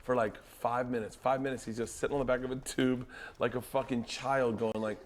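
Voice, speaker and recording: A man from Florida, a comedian, telling an animated story in a casual chat. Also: fairly quick. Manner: animated storyteller who swings his pitch for effect. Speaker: comedian, podcast guest.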